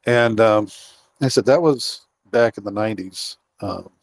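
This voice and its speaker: A man's voice: on the low side, measured pace, creaky, no room sound. A middle-aged man, a guest on an interview, telling a long outdoor story in a rambling way full of fillers and restarts. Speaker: guest, outdoorsman and Bigfoot researcher.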